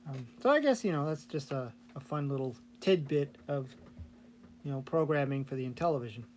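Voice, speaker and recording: A man's voice: medium pitch, expressive, brisk, darkish tone, slight background noise. A man chatting casually on his channel about programming old console games, rambling with lots of fillers and restarts. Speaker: vlogger and hobby game programmer. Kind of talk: casual chat.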